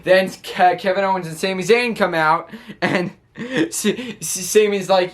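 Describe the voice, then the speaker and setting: An excitable young man with a high voice recaps a wrestling show to camera for his YouTube channel. He's chatty, casual, and quick to laugh.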